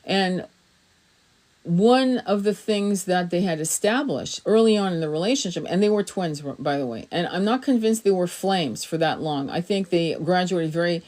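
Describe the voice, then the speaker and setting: A woman's voice: lowish voice, normal speed, a little mellow. A middle-aged woman giving a spiritual tarot reading to camera, blunt and emphatic, swearing freely and laughing often as she talks. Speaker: tarot reader. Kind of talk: casual spoken reading to camera.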